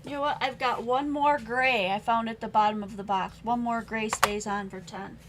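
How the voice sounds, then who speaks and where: Over a noisy background, a young woman with a slightly high, steady voice speaks at normal speed. She's running an at-home livestream craft supply sale, chatting while reading stamp sentiments and their prices aloud.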